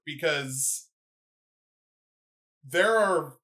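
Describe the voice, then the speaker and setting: A young adult podcast host in a casual solo rant, rambling and excitable, with lots of "like" and "you know". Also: medium pitch, a little slow. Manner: rambling, filler-heavy, excitable.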